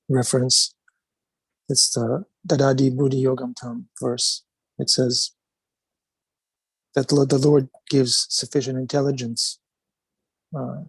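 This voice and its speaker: A man's voice: medium pitch, creaky, slightly rough, dry recording, rough recording. A man offering closing remarks to a temple class in a conversational, exhorting way.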